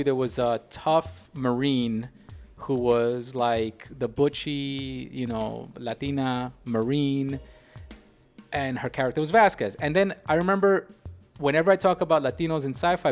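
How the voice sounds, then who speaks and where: A man's voice: mid-range voice, measured pace, soft background music. A middle-aged man hosting a podcast, chatting casually and with energy, often restarting his sentences. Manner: animated, talks through restarts and asides. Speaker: podcast host. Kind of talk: casual chat.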